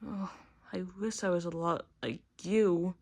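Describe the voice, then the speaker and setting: A woman's voice: on the low side, fairly even intonation, a little slow, gravelly, darkish tone, voice pushed down. A woman voicing a small, frightened child in a homemade cartoon, talking in a fretful, stammering way. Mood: worried. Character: small scared child, Nina.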